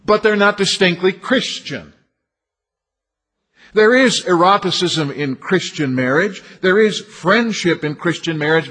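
A preacher's husky, fairly bright voice, pitched somewhat high for a man, carries a sermon from the pulpit. His pace is measured, and he drives points home by repeating key phrases.

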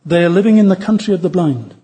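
Male preacher, sermon, earnest, measured, husky, high voice. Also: animated, dark tone. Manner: earnest, measured delivery with dramatic reading aloud. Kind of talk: sermon to ministers.

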